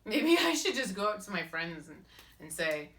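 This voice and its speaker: A woman chatting in a casual vlog as a spiritual advisor, animated and self-mocking. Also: mid-range voice, normal speed, recorded from a distance.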